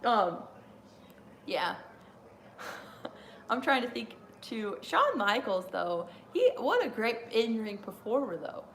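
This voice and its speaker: A woman's voice: on the high side, very animated, takes it slowly, pauses often, fairly bright tone, slight background noise. A woman hosting a casual wrestling watch-along, chatting in a rambling way and laughing often. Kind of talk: casual live reaction chat.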